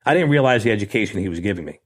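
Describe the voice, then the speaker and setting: Very fast and fairly low-pitched, a middle-aged man's voice carries a story told as a casual interview guest. His talk is blunt and streetwise, and he animatedly acts out the quoted dialogue.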